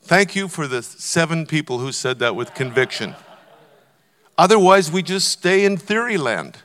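A man's voice: on the high side, very animated, moderate pace, fairly bright tone. An older man preaching a sermon to a congregation, conversational and emphatic, urging them on. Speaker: guest preacher. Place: church auditorium. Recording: long church hall reverb.

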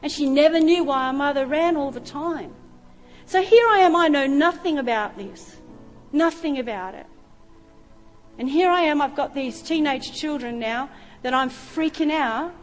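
A woman's voice: high voice, normal speed. A middle-aged woman preaching a sermon, telling her own story with emotion. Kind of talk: sermon testimony. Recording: reverberant hall with faint music.

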